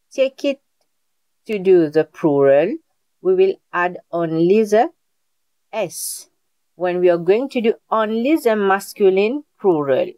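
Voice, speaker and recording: A woman's voice: mid-range voice, mellow, clear, resonant tone, dry recording. A woman whose first language is French, teaching a live online beginner class in a patient, repetitive way and checking in with her students often. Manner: patient, repeats points and checks in with "Okay?". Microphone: video call.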